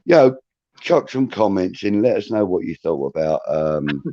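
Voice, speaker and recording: A man's voice: deep voice, animated, normal speed, dark tone, no room sound, dull audio. A man hosting a live stream, upbeat as he reads viewer comments aloud. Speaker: co-host.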